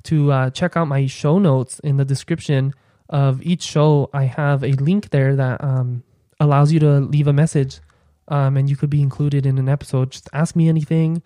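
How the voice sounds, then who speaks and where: A young man hosts his own solo podcast, chatting casually and playfully with listeners and tossing in campy asides, including a low, quiet "sweetie." His voice has little pitch movement at a normal speed, recorded with clean studio sound and no room sound.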